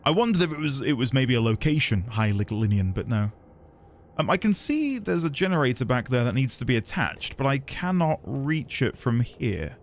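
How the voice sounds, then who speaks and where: A man's voice: mid-range voice, very animated, moderate pace, a little hiss or hum. A man giving casual live-stream commentary, chatting with viewers while he plays and thinks aloud. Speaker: streamer playing a video game.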